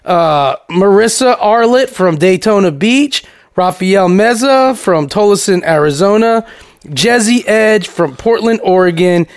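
A man with a notably high voice reads a list of listener names on a casual podcast, with quick joking asides. The sound is dry and close. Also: lively intonation, dry recording. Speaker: podcast co-host.

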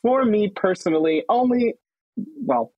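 A man's voice: high voice, expressive, a little slow, darkish tone, dry recording. A man hosting a podcast, reacting to his guest with enthusiastic, gushing remarks. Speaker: podcast host. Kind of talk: casual chat.

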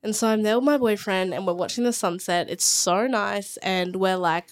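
A woman's voice: medium pitch, normal speed, hardly any pauses, clear, resonant tone. A young Australian woman co-hosting a podcast, telling stories in a rambling way full of "like". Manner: rambling, lots of 'like', animated storytelling. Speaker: podcast co-host. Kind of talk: casual storytelling chat.

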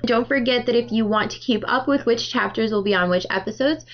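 A woman's voice: fairly high pitch, a little fast. Woman host gabbing about a book, laughs a lot, kinda lo-fi audio. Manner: animated, laughs often. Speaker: podcast host. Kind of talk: casual book-club chat. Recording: dull lo-fi sound.

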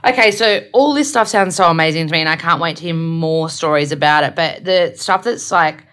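Low-voiced, effusive woman podcast host. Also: fairly quick, fairly bright tone. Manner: effusive, rambling with many likes. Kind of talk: casual interview chat.

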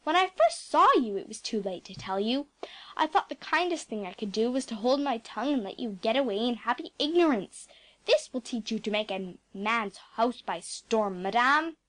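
A woman voicing a gruff, irritable middle-aged bachelor who speaks disagreeably and growls. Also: fairly high pitch, expressive, moderate pace, close to an everyday voice.

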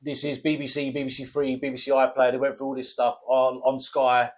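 British guy on a podcast mic, rambling sweary story, average pitch. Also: completely flat delivery, fairly quick. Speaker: podcast host. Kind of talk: casual podcast chat.

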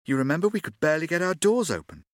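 A man's voice: on the high side, big pitch swings, rapid-fire, no room sound, studio quality, pitched above the performer's own voice. A man voicing an eager young female space explorer in an audiobook. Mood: urgent. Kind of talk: audiobook narration.

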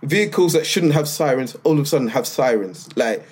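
A man co-hosting a podcast, telling stories in a lively, slangy, casual way. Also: medium pitch, fairly quick, slight background noise. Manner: animated storytelling with slang. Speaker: podcast co-host. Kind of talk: casual chat.

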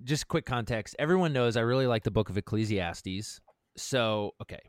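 A man's voice: medium pitch, animated, normal speed, clear, resonant tone, dry recording, studio quality. A man in casual chat who rambles earnestly and reads a pep-talk manifesto with growing fervor. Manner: earnest, rambling, gets fired up when reading. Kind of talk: casual chat, reading a personal manifesto aloud.

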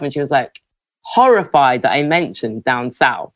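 Woman, low voice, animated storyteller, dry dull sound. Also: moderate pace, dry recording. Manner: animated storytelling, laughs often. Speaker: guest. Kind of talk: casual chat.

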